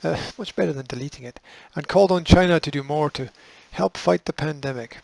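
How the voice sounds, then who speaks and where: A man's voice: a little high, brisk, vocal fry, dry recording, poor audio. A man hosting a show, reading news items aloud and breaking off with sarcastic, dismissive asides. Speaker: host.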